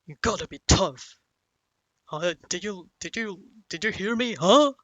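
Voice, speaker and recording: A man's voice: sits high, expressive, measured pace, fairly bright tone, no room sound, dull audio, voice pushed up. A man mimicking a nagging, scolding father. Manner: nagging, badgering with repeated "huh?". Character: stern scolding older Asian father.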